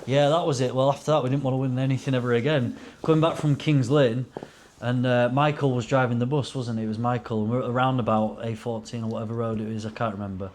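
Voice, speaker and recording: Young bloke rambling thru racing-trip stories, swears a lot, mid pitch, bit of faint noise behind. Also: male voice, steady tone, fast talker, darkish tone. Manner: rambling anecdotes, swearing, acts out quotes in a higher voice. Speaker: podcast guest, racing driver. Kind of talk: casual storytelling chat.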